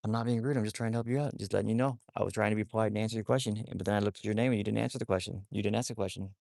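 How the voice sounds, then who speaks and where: A man's voice: fairly low pitch, steady tone, rapid-fire, vocal fry, a little mellow, dry recording, studio quality. A man hosting a casual livestream about rescuing wolfdogs, rambling with many restarts while he talks to his dogs.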